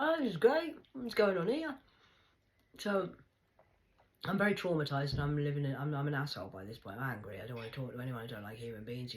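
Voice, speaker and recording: A middle-aged Englishwoman talks straight to camera in a loose, rambling monologue. Her delivery is blunt and salty, full of swearing. She drops into lively put-on voices when she quotes people. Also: rumbling low, rough recording. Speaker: vlogger. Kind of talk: casual monologue storytelling.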